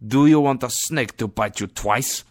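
A man's voice: mid-range voice, normal speed, no echo, close to an everyday voice. A man voicing a vengeful, unyielding moneylender in a read-aloud story, stern and emphatic. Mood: defiant.

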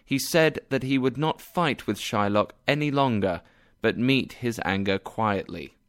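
A man narrating a story in a slow, clear, deliberate reading style. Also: mid-range voice, dry recording, clean studio sound.

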